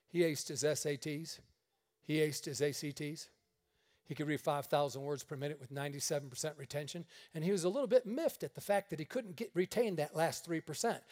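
A high-voiced male preacher tells his stories from the pulpit. He acts out every exchange, shifting his voice for each person in the tale. The sermon is delivered for a radio broadcast. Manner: animated storyteller acting out dialogue. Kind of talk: sermon storytelling.

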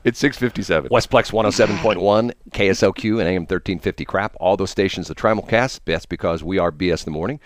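A middle-aged man hosts a morning radio show with a very low, deep voice. He rambles through anecdotes stuffed with fillers and asides. The studio mic sounds close and dry. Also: fast, few pauses, no echo. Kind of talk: casual on-air chat and storytelling.

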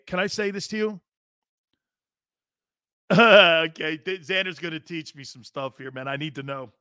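A middle-aged man hosting a sports talk show, talking loudly and excitably, rambling with many restarts. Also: fairly high pitch, no echo, clean studio sound. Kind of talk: casual radio talk show chat.

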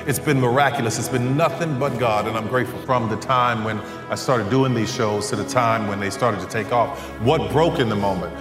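A man giving an impassioned motivational speech, repeating phrases for emphasis. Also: mid-range voice. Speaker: motivational speaker. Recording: echoey hall with live audience and music.

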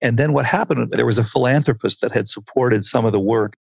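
Older male researcher, gravelly, dry close sound, animated storyteller voicing quotes. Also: mid-range voice, brisk, no echo. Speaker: medical researcher guest. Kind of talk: storytelling interview answer.

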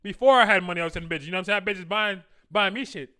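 A man's voice: sits high, very fast, pushed and bright, clear, resonant tone. A man giving crude, boastful dating advice in a casual monologue, full of slang and laughter, acting out his own conversations. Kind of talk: casual monologue with acted-out dialogue.

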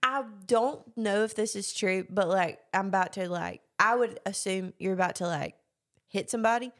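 A woman's voice: medium pitch, normal speed, fairly bright tone. A woman with a Southern US accent, co-hosting a casual podcast chat and telling stories with frequent laughter. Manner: laughs often, tells stories animatedly. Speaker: podcast co-host.

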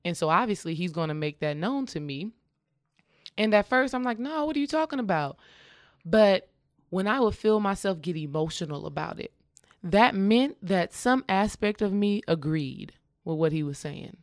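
A woman's voice: fairly low pitch, normal speed, no echo, studio quality. A woman in casual conversation, earnestly sharing her own experience and coaching the listener, often checking in with "okay?". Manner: acts out quoted dialogue in lively voices.

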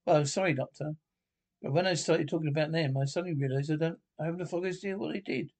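A man's voice: on the high side, fast talker, creaky, darkish tone. An actor playing a flustered man in a 1960s British film comedy, stumbling over his words. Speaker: film character.

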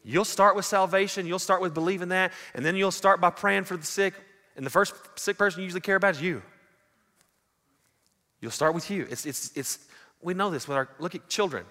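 A man preaching a sermon, telling stories and swinging from loud to hushed. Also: high voice, brisk. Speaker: pastor. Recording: long hall reverb.

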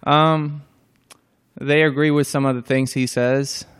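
A young man from Albania answers questions in a relaxed interview, keeping his replies short and deadpan. His voice is smooth and clear, and it is recorded close to a dry mic with no room sound. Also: unhurried, no room sound. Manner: brief, low-key deadpan answers. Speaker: guest. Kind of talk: casual interview chat.

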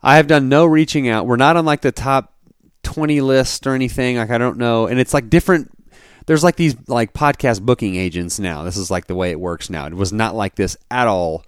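A man's voice: mid-range voice, a little fast, clean tone, no room sound, clean studio sound. A man in his thirties co-hosting a podcast, chatting casually and animatedly with lots of filler words. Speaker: podcast co-host. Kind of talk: casual chat.

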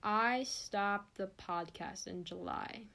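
A young woman hosts her own podcast in a casual monologue. She speaks slowly, in a mid-pitched voice, rambling a little as she goes. Her delivery is earnest and openly emotional. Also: gravelly, bright, forceful tone. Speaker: podcast host.

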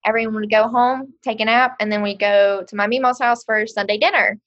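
A woman with a Southern accent, a podcast guest, talking in a relaxed way about growing up. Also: fairly high pitch, brisk, highs cut off. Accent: Southern American. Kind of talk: casual conversation.

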